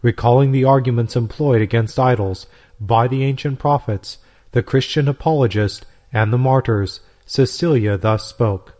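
A man narrating an old devotional story in a measured, solemn reading. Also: mid-range voice, a little mellow. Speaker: audiobook reader. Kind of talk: scripted narration.

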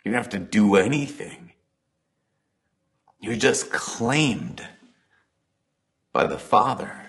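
A man giving a conversational sermon, talking earnestly and dropping to soft emphasis on key points. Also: fairly low pitch, lively intonation, takes it slowly, creaky. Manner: earnest, builds intensity then drops to soft emphasis. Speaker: preacher.

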